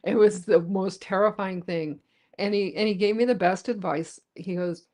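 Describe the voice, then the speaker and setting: A woman co-hosting a podcast, telling personal stories in a relaxed, rambling way. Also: medium pitch, normal speed. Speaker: podcast co-host. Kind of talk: casual podcast chat.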